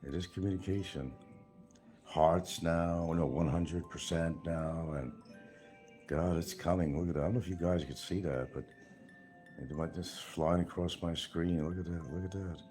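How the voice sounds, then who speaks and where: A man's voice: deep voice, fairly even intonation, moderate pace, a little mellow, faint music behind. An older man hosting a casual livestream, rambling and sarcastic with frequent chuckles. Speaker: livestream host.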